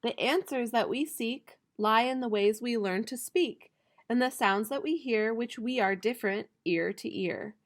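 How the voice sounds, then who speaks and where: A young woman teacher reading a picture book aloud to her students, playfully voicing the animal and object sounds. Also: a little high. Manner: slow, playful reading with bright, loud animal-sound imitations.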